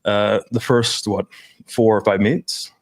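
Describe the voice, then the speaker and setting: A man's voice: on the low side, level tone, slow. A man telling casual, profane stories on a men's dating podcast. He swears a lot and acts out the people he quotes. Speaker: podcast co-host.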